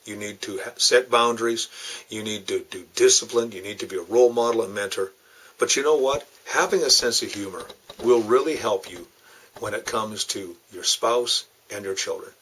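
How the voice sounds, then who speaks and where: Husky-voiced folksy dad storyteller. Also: male voice, on the low side, normal speed, fairly bright tone, low-quality recording. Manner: folksy storytelling with moral asides. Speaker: radio host. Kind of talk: short parenting talk.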